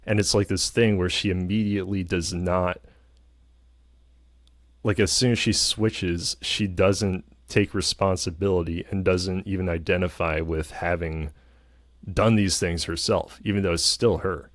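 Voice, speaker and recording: A man's voice: deep voice, fairly even intonation, measured pace, dry recording, studio quality. A man vlogging a casual film review, rambling with lots of fillers and hedges.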